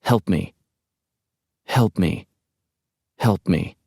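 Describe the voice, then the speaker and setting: A man reading the diary entries of a frightened young woman in an audiobook, in a low, slow, even voice. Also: vocal fry, breathy edge, no room sound, studio quality, exaggerated voice. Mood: desperate. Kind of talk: audiobook narration.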